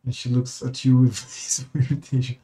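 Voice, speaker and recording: A man's voice: mid-range voice, completely flat delivery, normal speed, dark tone, rough recording. A young man streaming a game, reading the dialogue and narration aloud in his own voice and dropping casual, swearing asides.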